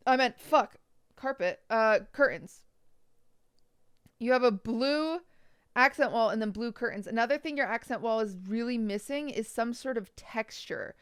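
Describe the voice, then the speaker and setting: A woman's voice: fairly high pitch, a bit bright, clear, resonant tone, no echo, studio quality. Blunt young woman streamer. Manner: frank and blunt, swears for emphasis. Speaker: streamer reviewing viewers' bedrooms. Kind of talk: casual live-stream chat.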